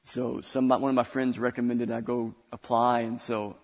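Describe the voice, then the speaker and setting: A man's voice: mid-range voice, level tone, fairly quick, in a large hall. A male pastor preaching a sermon, building intensity through repeated phrases. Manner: preaching with rising intensity and repetition.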